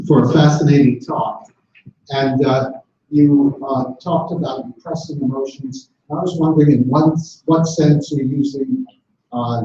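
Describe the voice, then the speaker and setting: A man's voice: fairly high pitch, mellow. Polite man asking from an echoey hall. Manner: polite, measured questioning. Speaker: audience member asking question. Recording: very echoey hall, distant, dull.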